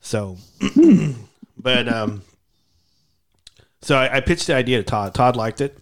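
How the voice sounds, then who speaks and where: A man's voice: mid-range voice, expressive, slow pace. A man telling stories in a casual podcast chat, rambling, with many restarts and fillers.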